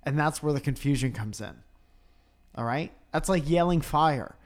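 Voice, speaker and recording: A man's voice: on the high side, animated, normal speed. A man co-hosting a casual chat show at home, telling jokey rambling stories. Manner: joking, rambling storyteller. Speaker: podcast co-host. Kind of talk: casual banter. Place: home in Los Angeles.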